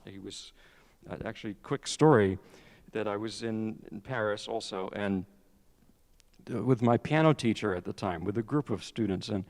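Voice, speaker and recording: A man giving a public lecture as a piano teacher, speaking in a halting, conversational way with frequent restarts. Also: lowish voice, darkish tone. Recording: long hall reverb.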